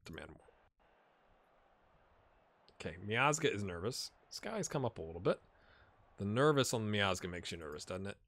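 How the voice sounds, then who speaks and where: A man casually commentating his own football video game, excitable and wry, jumping from loud cheering to quiet muttering. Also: on the low side, normal speed, long pauses. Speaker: gaming channel host.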